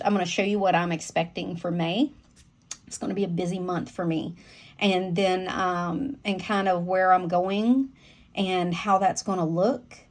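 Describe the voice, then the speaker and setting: A woman's voice: fairly low pitch, darkish tone. A woman with a Southern American accent, chatting casually to camera about her planner in a folksy, candid way with lots of fillers. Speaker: planner vlogger.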